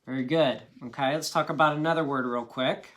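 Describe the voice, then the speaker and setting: A man's voice: mid-range voice, fairly even intonation, a little fast, fairly bright tone. A man teaching a phonics lesson, patient and encouraging, checking in often with "okay?".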